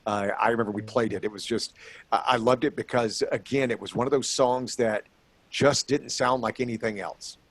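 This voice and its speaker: A man's voice: medium pitch, moderate pace, a bit bright, no echo. A man hosting a radio show, asking joking, teasing questions in a casual interview over a video call. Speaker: radio host.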